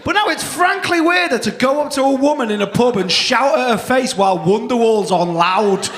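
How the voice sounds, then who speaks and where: A man's voice: very high voice, animated, moderate pace, background noise. A male comedy compere, doing brash, teasing crowd work full of swearing at a stand-up gig. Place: comedy club stage. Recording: echoey club room.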